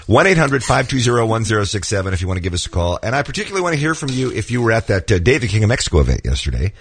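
A man with a rough, sick-sounding voice, co-hosting a morning radio show and sarcastically mocking the news items he reads aloud. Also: on the low side, big pitch swings, rapid-fire, hardly any pauses. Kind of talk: casual morning radio banter.

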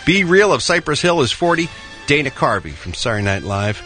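A man's voice: medium pitch, big pitch swings, fairly quick, bright, forceful tone, faint music behind. A man co-hosting a radio show, reading celebrity birthdays with a wry, jokey delivery. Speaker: radio co-host.

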